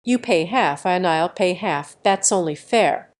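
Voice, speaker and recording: A woman voicing a big, slow-witted husband who shouts and growls at his wife in an audiobook. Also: lowish voice, expressive. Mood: angry.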